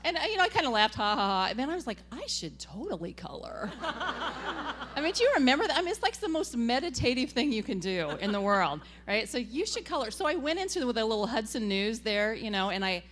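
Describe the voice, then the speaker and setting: A woman giving a tribute speech at a gathering, telling animated stories and laughing often. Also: fairly high pitch, quick pace. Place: event gathering.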